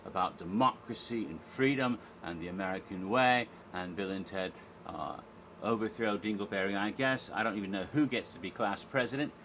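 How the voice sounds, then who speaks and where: Speaking in a fairly low, bright, forceful voice, a theme park event historian casually narrates a live show he remembers, rambling with excitement and lots of fillers and restarts. There's a little hiss or hum.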